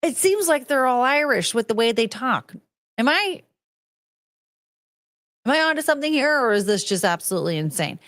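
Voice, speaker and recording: A woman hosting a casual podcast, rambling and thinking out loud with lots of questions. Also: high-pitched, sing-song, normal speed, pauses often, dry recording, studio quality. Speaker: podcast host.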